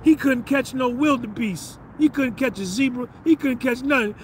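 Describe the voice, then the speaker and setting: A man's voice: extremely high pitch, normal speed, slight background noise. A man hosting a podcast, delivering a blunt, confrontational, slangy rant. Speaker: podcast host. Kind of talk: ranting monologue.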